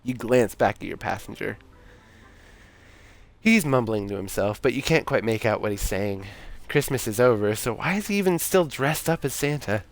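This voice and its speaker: Gravelly male streamer reading game text. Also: mid-range voice, moderate pace. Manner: relaxed reading broken by chatty comments to viewers. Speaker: streamer playing a story game. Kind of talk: reading game text aloud with casual asides.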